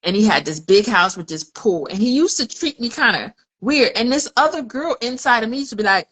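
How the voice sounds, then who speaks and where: A woman's voice: a little high, expressive, a little fast, fairly bright tone, poor audio. A woman in her forties talking candidly in a casual podcast conversation. She tells personal stories and acts out the voices in her head. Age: 40s. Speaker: podcast co-host.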